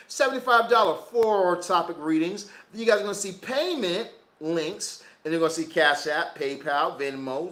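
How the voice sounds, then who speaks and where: A man's voice: sits high, fairly bright tone. A man chatting casually as a tarot reader on a livestream, slangy and laughing through his asides. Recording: echoey room.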